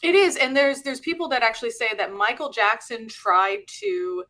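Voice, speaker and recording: A woman's voice: on the high side, lively intonation, moderate pace, pushed and bright. A middle-aged woman hosting a live show, chatting casually and laughing as she explains things. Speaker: host and teacher. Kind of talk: casual live-stream chat.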